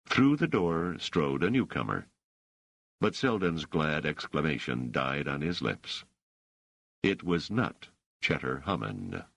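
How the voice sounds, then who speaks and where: A man reading a novel aloud as scripted narration, in a measured storytelling manner. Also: extremely low pitch, very animated, gravelly, fairly bright tone, dry recording. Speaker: audiobook narrator.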